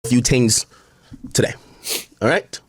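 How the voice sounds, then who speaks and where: A man's voice: mid-range voice, unhurried, slightly rough, no echo. A man ranting and mocking on a livestream, profane and laughing, and he says he is drunk.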